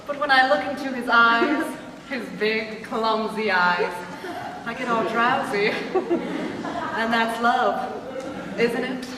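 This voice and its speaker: A woman's voice: a little high, takes it slowly, pauses often, noisy background. A woman on stage playing a languid, drawling chaperone. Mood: dreamy. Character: tipsy drowsy woman chaperone. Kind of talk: live stage musical performance. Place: theatre stage. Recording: echoey hall from far off.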